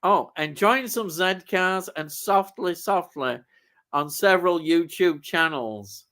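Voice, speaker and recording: A man's voice: high-pitched, expressive, slow, sharp tone. A man from Leeds with a Yorkshire accent, hosting a live stream and reading out viewer comments in an easygoing way. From Leeds, England. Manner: easygoing, laughs often, says "aye" and "lad".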